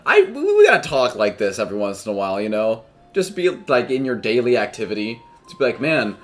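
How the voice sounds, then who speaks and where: A man's voice: medium pitch, wildly swooping pitch, a little fast. A man giving let's play commentary over a game, joking and mocking its old-fashioned dialogue. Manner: jokey, mocks the game's old-fashioned dialogue. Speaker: game streamer.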